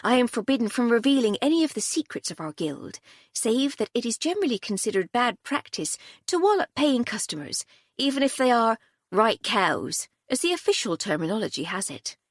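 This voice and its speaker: A woman's voice: on the high side, sing-song, brisk, no room sound, clean studio sound, pitched above the performer's own voice. Woman doing a cheeky barmaid. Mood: playful. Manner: chatty, playful, dialect grammar. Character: cheeky young village barmaid, cheerful.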